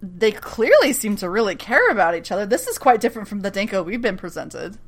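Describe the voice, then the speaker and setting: A woman's voice: medium pitch, big pitch swings, fairly quick. A woman co-hosting a podcast, recapping a TV episode in casual chat, laughing often and swearing freely.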